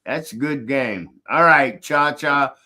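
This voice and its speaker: Man host, slow and bright voice, easygoing stream chat. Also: mid-range voice. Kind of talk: casual group chat.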